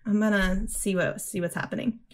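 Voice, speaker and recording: A woman's voice: medium pitch, steady tone, brisk. A woman co-hosting a podcast from home over headphones, animatedly recapping an anime episode and laughing. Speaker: podcast co-host. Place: home, room with paper cranes on the wall. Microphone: headphones on a video call.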